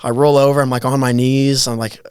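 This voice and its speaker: Young man telling a story, even-toned. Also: mid-range voice, smooth, no echo, studio quality. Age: 20s. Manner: halting, repeats words, chuckles while telling stories. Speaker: college football player, guest. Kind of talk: casual storytelling interview.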